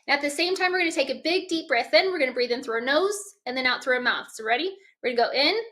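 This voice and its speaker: A woman's voice: high voice, lively intonation, quick pace, pushed and bright. A woman giving a motivational workshop talk, coaching listeners through breathing and self-talk exercises. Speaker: workshop presenter.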